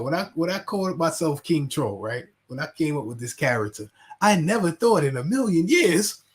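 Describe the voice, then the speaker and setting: A man hosting a casual livestream, rambling, laughing and reading chat names aloud. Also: fairly high pitch. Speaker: livestream host.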